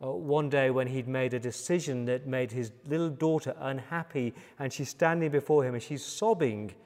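English preacher in a reverberant church. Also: male voice, medium pitch, moderate pace, a little mellow. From England. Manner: emphatic, building repetitions. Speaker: pastor. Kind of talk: sermon.

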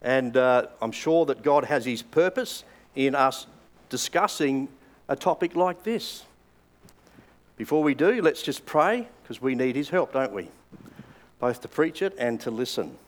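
A man's voice: mid-range voice, expressive, unhurried. An older Australian man preaching a sermon, telling stories in a conversational way with hesitant fillers. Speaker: pastor.

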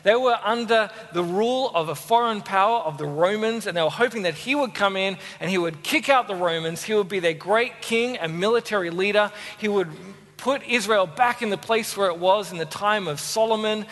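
An Australian man preaching a sermon, telling a story with lively acted-out voices. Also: sits high, brisk, hardly any pauses. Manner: animated storyteller, acts out voices. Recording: long hall reverb.

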